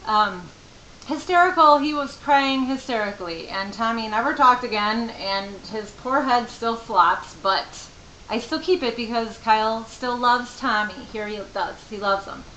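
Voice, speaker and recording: A woman's voice: a little high, moderate pace, bright, forceful tone. A middle-aged woman, a mother, telling a rambling, chatty story to camera from home with many asides. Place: home room. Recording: echoey room with faint hiss.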